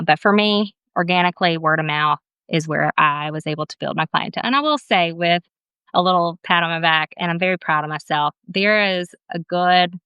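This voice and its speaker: A low-sitting, clean female voice, recorded dry with the highs cut off, belongs to an esthetician and business owner recounting stories in a casual interview. Chatty and quick to laugh, she relays what others said in lively asides and says she's camera shy.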